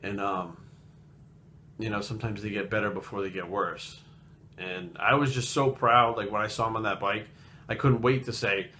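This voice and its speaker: A man's voice: lowish voice, fairly even intonation, moderate pace, pushed and bright. A man in his late thirties from Rhode Island, telling a personal story in a blunt, rambling way with lots of swearing. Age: late 30s. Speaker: fitness vlogger. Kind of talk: casual storytelling.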